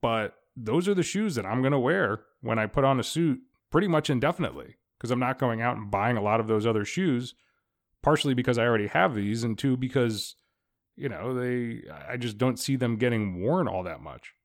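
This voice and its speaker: A man's voice: mid-range voice, expressive, fairly quick. A man in his thirties co-hosting a casual podcast, talking with dry, wry humor. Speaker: podcast co-host.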